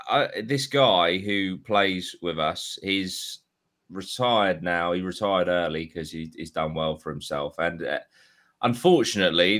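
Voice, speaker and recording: A man, a podcast co-host, telling a story in casual chat, animated and swearing freely. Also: low voice.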